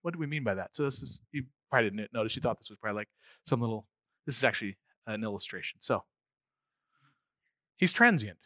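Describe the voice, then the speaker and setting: A man preaching a sermon to his congregation. His delivery is animated, and he rises to near-shouts for emphasis. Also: on the low side, rapid-fire, no echo. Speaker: pastor.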